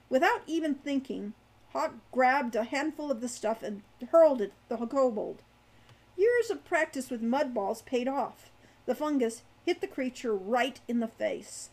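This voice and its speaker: A woman reading her own young adult fantasy novel aloud in a lively storytelling way. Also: fairly high pitch. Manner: animated narration.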